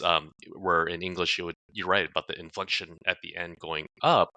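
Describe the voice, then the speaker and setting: A man from South Korea, a police chief as interview guest, affable and quick to laugh, often repeating words as he starts. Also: low voice, steady tone, pushed and bright, no room sound. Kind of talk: casual interview conversation.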